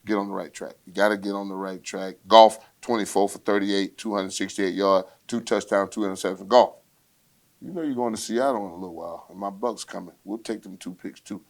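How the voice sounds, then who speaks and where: A fairly low-voiced man runs through the week's football on his own podcast. He talks loud and swaggering, throwing trash talk straight at his listeners. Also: steady tone, brisk. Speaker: podcast host. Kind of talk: solo sports rundown, casual and brash.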